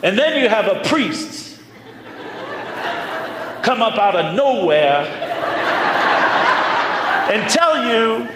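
A man voicing an older Southern woman with a Southern US accent, warmly exclaiming over a friend. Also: high-pitched, pitched above the performer's own voice. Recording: roomy hall reverb, faint noise.

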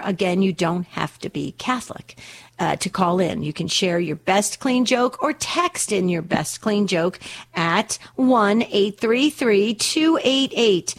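A middle-aged woman hosting a call-in radio show, chatty and quick to laugh at jokes. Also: medium pitch. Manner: chatty, laughs easily at her own jokes. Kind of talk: casual call-in radio talk.

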